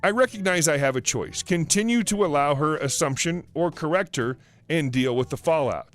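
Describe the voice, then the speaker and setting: A man narrating online stories aloud, reading quotes in a plain, even way. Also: a little high, normal speed, faint music behind.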